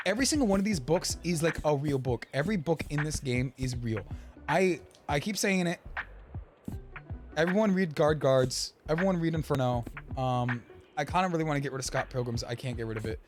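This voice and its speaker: Excitable young male streamer. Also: a little high. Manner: excitable, rambling, chatty. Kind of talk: casual gameplay commentary.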